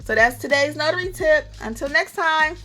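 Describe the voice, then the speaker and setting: A woman's voice: high-pitched, normal speed, loud music behind the voice. A woman hosting a notary training channel, giving upbeat how-to tips in a chatty style and acting out short exchanges with clients. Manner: chatty, animated, acts out little client dialogues. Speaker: notary educator and channel host.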